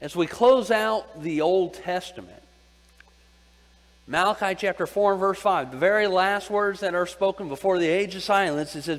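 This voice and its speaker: A man teaching a Bible sermon, pausing often to ask his listeners questions and repeating his key points. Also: sits high. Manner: deliberate, asks the audience questions and repeats key phrases. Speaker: preacher. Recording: long hall reverb.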